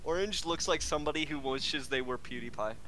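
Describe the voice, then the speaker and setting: A man's voice: fairly high pitch, a little fast, a crowd in the background, low-quality recording. A young man teasing his friends in goofy banter on a video call through a headset mic. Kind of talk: casual group video call chat.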